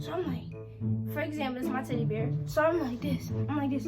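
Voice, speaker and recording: A woman's voice: sits high, brisk. A young woman vlogger telling a storytime in a casual, slangy way, acting out the lines of the people in her story. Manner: animated, slangy storytelling with quoted dialogue. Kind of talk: storytime vlog. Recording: music playing under the voice.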